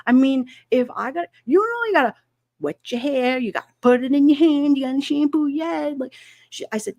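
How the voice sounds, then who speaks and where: A woman's voice: high voice, animated, a little fast, a little mellow, no room sound, studio quality. A middle-aged woman hosting a casual live-stream chat, rambling, laughing often and reading out viewer comments. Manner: chatty, laughs often, rambling with many fillers. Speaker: livestream host.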